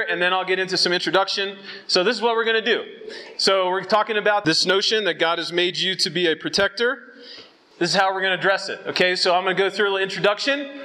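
A man's voice: sits high, sharp tone, low-quality recording. A man from Southern California preaching at a youth conference in a casual, conversational way, slightly out of breath, checking in with his listeners. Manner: casual and conversational, with fillers and audience check-ins. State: out of breath from altitude. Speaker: conference speaker.

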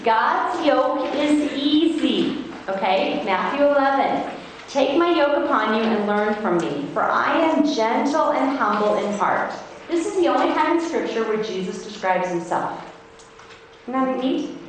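A middle-aged woman from Iowa giving a devotional Bible talk at a women's conference, speaking earnestly and slowing down to read verses. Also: fairly high pitch. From Iowa, United States. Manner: earnest, emphatic, reads verses slowly; self-described feisty. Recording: very echoey hall, faint noise.

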